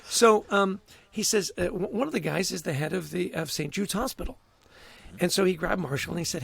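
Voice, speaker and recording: Animated man with a gravelly husky voice. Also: high-pitched, brisk, no echo. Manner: animated, repeats words, laughs often. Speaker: guest. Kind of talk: casual interview storytelling.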